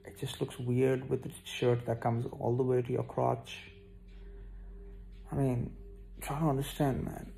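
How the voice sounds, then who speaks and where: A young man chats to his camera in a rambling, self-mocking way, his voice gravelly and mellow. He sounds a bit tired, with faint noise in the background. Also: mid-range voice, level tone, measured pace, long pauses. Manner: scattered, self-mocking, talks straight to viewers. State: yawning, tired. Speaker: vlogger. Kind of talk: casual rambling vlog to camera.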